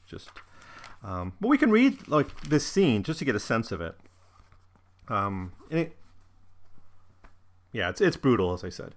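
A man talking through a novel chapter by chapter in a relaxed, conversational way. He pauses often with ums and restarts his sentences as he thinks. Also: mid-range voice. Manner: thoughtful, with frequent ums and restarts. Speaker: book reviewer. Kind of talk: casual book discussion and reading aloud.

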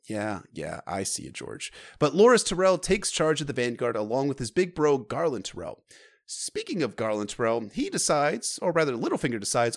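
A man co-hosting a podcast, casually analysing a book's battles, animated and profane with frequent restarts. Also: medium pitch. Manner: animated, swearing, halting restarts. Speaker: podcast co-host.

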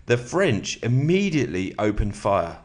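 A man with a slightly sore throat, hosting a podcast in a relaxed, matey way and reading aloud from a book at an even, measured pace. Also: on the low side. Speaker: podcast host.

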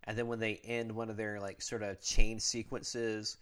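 A man's voice: fairly low pitch, flat delivery, normal speed, fairly bright tone, clean tone. A man co-hosting a podcast, in casual chat, explaining things at length in an analytical way. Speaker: podcast co-host.

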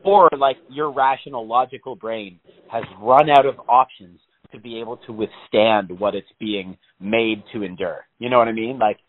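A man's voice: mid-range voice, moderate pace. A man in casual, profane chat, rambling through stories and laughing often. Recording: phone-like narrow band.

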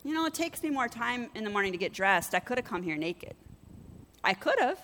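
A woman's voice: a little high, big pitch swings, a little fast, fairly bright tone, big-room sound. A middle-aged woman pastor preaching in a chatty, conversational way, telling a personal story and asking her congregation questions. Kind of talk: sermon with personal stories.

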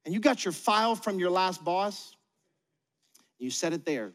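Man preaching, somewhat high voice, conversational, acts out voices, long hall reverb. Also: animated, moderate pace, a bit bright. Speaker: pastor. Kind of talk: sermon. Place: church auditorium.

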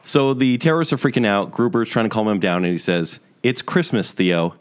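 A man's voice: fairly low pitch, animated, fast, clear, resonant tone. A man co-hosting a podcast, making playful arguments and laughing at his own points. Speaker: podcast co-host. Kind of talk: casual debate chat.

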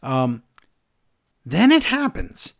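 A man co-hosting a podcast, recapping a wrestling show in casual, animated chat from his notes. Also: on the high side, very slow, gravelly. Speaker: podcast co-host.

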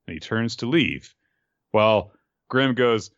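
A man's voice: fairly low pitch, expressive, slow pace, pauses often, a bit bright, no echo. A man hosting a podcast, recapping an episode in a rambling, wry way with many fillers. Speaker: podcast host. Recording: dry, slightly dull recording.

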